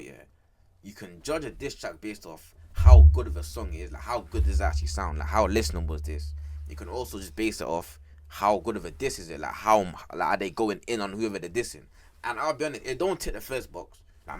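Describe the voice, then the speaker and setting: A young man giving animated, filled casual reaction commentary as a music streamer. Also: on the low side, quick pace. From United Kingdom. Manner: animated, slangy, repeats "bro" and "I can't lie".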